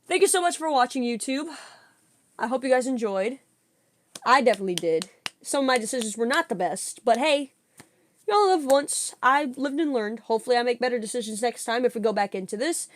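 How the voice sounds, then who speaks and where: A young woman streamer chatting casually with her viewers, telling a story in an excitable, giggly way. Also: fairly high pitch. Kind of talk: casual livestream chat with viewers.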